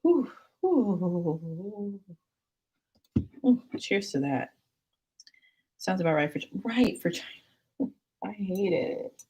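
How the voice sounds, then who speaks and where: Husky young woman telling rambling stories. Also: slow, long pauses. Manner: animated, rambling, swings into high excited squeals. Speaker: vlogger. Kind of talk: casual storytelling to camera.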